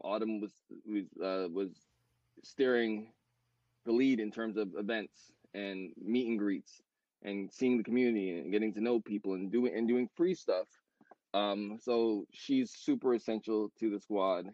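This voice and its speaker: A man in casual podcast chat about his brand, rambling with many fillers and quick self-corrections. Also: lowish voice, a little mellow, no room sound, highs cut off. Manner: talks fast. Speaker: co-founder of a clothing brand.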